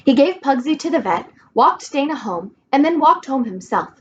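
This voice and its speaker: A woman reading a children's storybook aloud, clear and expressive. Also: high-pitched, normal speed, dull audio, a little hiss or hum. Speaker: reader.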